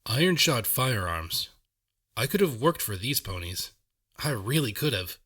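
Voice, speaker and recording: Brief: male audiobook narrator, bright tone, even middle pitch, steady reading. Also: measured pace, breathy edge. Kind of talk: first-person story narration.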